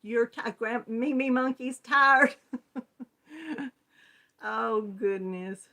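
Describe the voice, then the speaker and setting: A middle-aged woman with a Southern US accent hosts a crochet channel, greeting viewers in friendly, casual chat, laughing often and calling them hon. Her voice is on the high side, bright and forceful, and she speaks extremely slowly.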